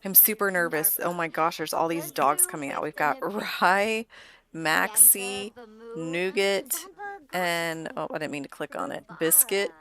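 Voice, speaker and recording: A woman's voice: lowish voice, unhurried, crowd noise. A young woman, a mother, chatting casually as she plays a life-sim game for viewers. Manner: chatty, bubbly, talks to viewers as "girl" and "guys". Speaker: gaming channel host.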